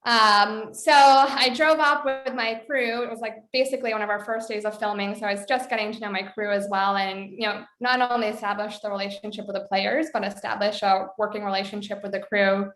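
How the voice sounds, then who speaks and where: A woman's voice: medium pitch, fairly even intonation, brisk, hardly any pauses, a bit bright, roomy sound. A woman film director telling a story in a casual interview, chatty, with many fillers. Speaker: documentary director.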